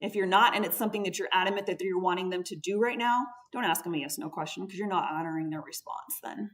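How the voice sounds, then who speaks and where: A woman's voice: lowish voice, fast. A woman speech therapist giving a patient, explanatory conference presentation, stressing key words as she goes. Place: conference room. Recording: voice picked up from a distance.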